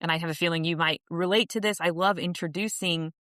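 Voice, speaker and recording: A woman with a fairly low voice talks through ideas on a podcast, earnest and reflective, often restarting her sentences. The sound is dry and close, with no room around it. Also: fairly even intonation, fast talker, a bit bright, no echo. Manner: earnest and reflective, many restarts, laughs easily. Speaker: podcast guest, author and coach. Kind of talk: casual interview conversation.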